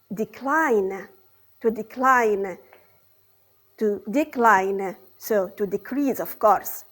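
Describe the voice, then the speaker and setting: A woman teaching an English grammar and vocabulary lesson on the radio, repeating key words and checking understanding with quick questions. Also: a little high. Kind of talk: radio lesson for exam students. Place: radio studio.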